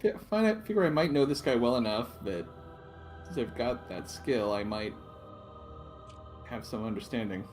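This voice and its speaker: A man playing a tabletop game, halting and restarting his sentences. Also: medium pitch, lively intonation, darkish tone, soft background music. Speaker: player. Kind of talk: tabletop role-play chat.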